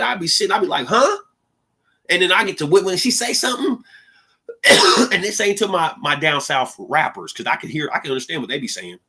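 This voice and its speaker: A man's voice: a little high, sharp tone. Rambling slangy man from the Pacific Northwest. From Pacific Northwest (Seattle). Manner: rambling, joking, laughs often, slangy. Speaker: livestream podcast host. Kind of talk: casual monologue.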